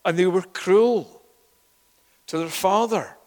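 A man's voice: high voice, takes it slowly. A man preaching a sermon in church, emphatic, often repeating words. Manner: emphatic, rising and louder at key points, with repeated words. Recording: long echo of a church hall.

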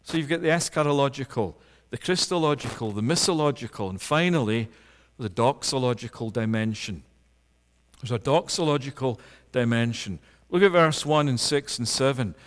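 A man's voice: mid-range voice, expressive, normal speed, long reverb tail. A middle-aged man preaching a sermon, emphatic, building lists with rising force. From Scotland. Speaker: pastor.

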